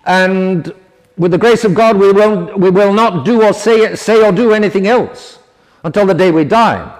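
A man's voice: high-pitched, moderate pace. A man preaching a sermon to seminarians, earnest and emphatic, often stopping to restart a phrase. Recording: long hall reverb.

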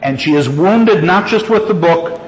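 A man lectures on a story, reading passages and then explaining them in a slow, deliberate way. His voice sits a little high. The recording is dull and lo-fi, with a long echo from a large hall. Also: lively intonation. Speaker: literature teacher. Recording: echoey hall, dull lo-fi sound.

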